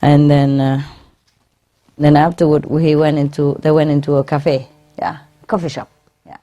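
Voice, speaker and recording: A woman's voice: low voice, little pitch movement, normal speed, dark tone. A woman who is a spiritual teacher, telling jokes to a live audience in non-native English. She laughs often at her own jokes and checks in with her listeners with tags like "no?" and "eh?". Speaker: spiritual teacher addressing a gathering. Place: gathering hall.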